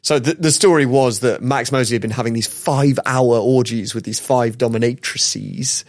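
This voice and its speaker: A man's voice: mid-range voice, normal speed, dry recording. Dry-sounding man telling a wry story. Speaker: podcast host. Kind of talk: casual chat.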